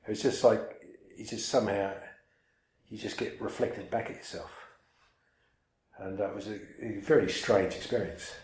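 A man tells a personal story in a loose, rambling way and pokes fun at himself as he goes. His voice sits low. The room around him is echoey. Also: steady tone, moderate pace, a little mellow. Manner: rambling, self-mocking, many fillers and restarts. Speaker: speaker telling a personal story to listeners. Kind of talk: casual storytelling talk.

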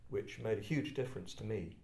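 An older English man from Kent telling personal stories to a group in a reflective, halting, self-deprecating way. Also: fairly low pitch, creaky, darkish tone. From England, Kent. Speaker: speaker addressing a group. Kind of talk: personal storytelling talk. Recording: roomy echo.

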